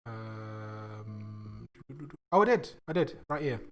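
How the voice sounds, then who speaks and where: A man talking his way through a live coding session at an unhurried, drawn-out pace. He speaks in halting bits, restarts often and chuckles at himself. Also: fairly low pitch, animated, gravelly, faint music behind. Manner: slow, halting, self-mocking, laughs at himself. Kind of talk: casual thinking aloud while coding.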